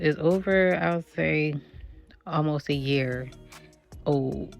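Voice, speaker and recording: Breathy-sounding woman with low gravelly voice. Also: dull audio. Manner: chatty, addresses viewers as y'all. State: slightly out of breath. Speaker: nail art vlogger. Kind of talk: casual tutorial chat.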